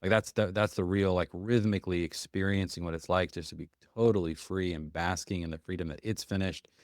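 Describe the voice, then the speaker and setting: A man with a low voice hosts a faith-based podcast. He talks earnestly and thoughtfully, pausing on fillers as he works through ideas. The sound is dry and close. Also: fairly even intonation, dry recording. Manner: earnest, reflective, many fillers. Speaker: podcast host. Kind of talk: casual faith-based conversation.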